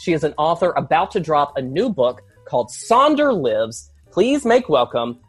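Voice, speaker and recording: Southern woman host, low husky voice, lively and playful delivery, faint music underneath. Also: normal speed. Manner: playful, expressive, laughs easily. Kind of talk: casual interview chat.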